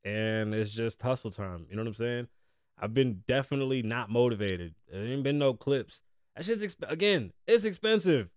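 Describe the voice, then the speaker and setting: A man hosting a podcast in casual chat, blunt and profane, shifting between low, weary venting and loud, hyped bursts. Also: lively intonation, moderate pace, no echo, studio quality. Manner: profane, blunt and frank, slangy. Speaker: podcast host.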